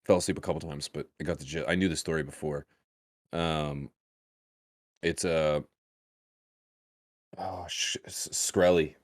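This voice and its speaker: Deep-voiced podcast host. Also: male voice, steady tone, measured pace, pauses often, no room sound, clean studio sound. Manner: laid-back, stumbling, repeats words. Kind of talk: casual chat.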